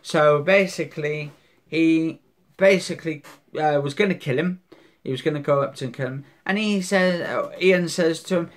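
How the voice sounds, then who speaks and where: Rambling man, slightly high voice. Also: moderate pace. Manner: rambling, repeats himself, swears casually. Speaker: vlogger recapping a soap episode. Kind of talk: casual spoken recap.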